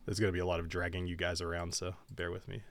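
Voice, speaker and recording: A man narrating as game master, hesitant and full of pauses and restarts. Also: low voice, little pitch movement. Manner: hesitant, lots of fillers and restarts.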